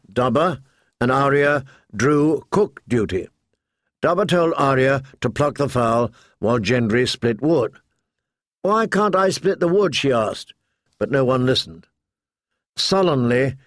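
A man reading a novel aloud with measured, even delivery. His pitch sits mid-range for a man. The sound is dry and close, with no room echo. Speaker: audiobook narrator. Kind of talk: scripted narration.

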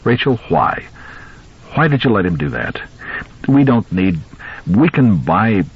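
A man's voice: sits low, sing-song, fairly quick, slightly rough, dull audio, heavily acted. A man voicing a tired, short-tempered father who is a doctor, in a clipped way. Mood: tense. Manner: clipped, curt.

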